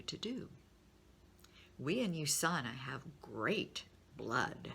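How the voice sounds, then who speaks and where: A woman's voice: very deep voice, sing-song, slow, creaky, a bit bright, husky. A middle-aged woman speaking to her business network in a candid, encouraging way, openly sharing her feelings. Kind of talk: personal talk to a business network.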